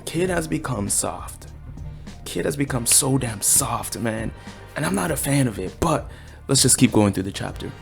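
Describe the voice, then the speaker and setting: A man giving a casual, excited chapter review, talking in slang and acting out the characters' lines. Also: mid-range voice, normal speed, creaky, faint music behind. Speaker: anime and manga reviewer.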